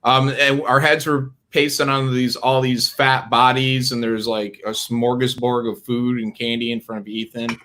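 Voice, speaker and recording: Bright-voiced, blunt, profane man. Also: medium pitch, level tone, a little slow, few pauses. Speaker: guest on a livestream talk show. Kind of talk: casual livestream chat.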